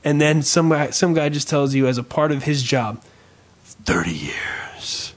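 A man hosting a podcast in casual chat, rambling and swearing freely while riffing with dark humor. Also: a little high, fairly even intonation, moderate pace. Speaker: podcast host.

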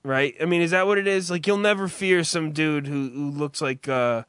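A man's voice: on the high side, moderate pace, fairly bright tone, clean tone, no room sound, studio quality. A man telling a rambling, profane story in casual chat with a co-host, full of restarts. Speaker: podcast co-host.

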